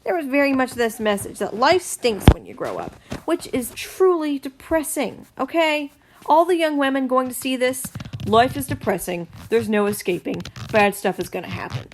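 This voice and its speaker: A woman's voice: fairly high pitch, sing-song, fairly quick, noisy background. Blunt, opinionated woman reviewing a film. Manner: blunt and opinionated, with frequent ums and self-corrections. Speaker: film reviewer, channel host. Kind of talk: casual solo film review.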